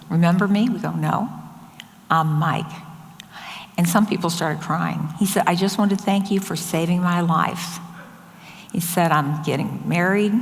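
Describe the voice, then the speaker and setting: A woman's voice: fairly low pitch, creaky. Older woman telling stories in a hall. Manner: anecdotal, quotes others in lively voices. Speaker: nurse and speaker. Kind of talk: storytelling talk. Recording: long hall reverb.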